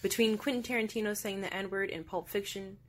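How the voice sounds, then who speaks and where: A woman's voice: medium pitch, steady tone, brisk, a little hiss or hum. A woman hosting a casual film discussion, wry and joking, acting out quotes as she explains. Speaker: podcast host.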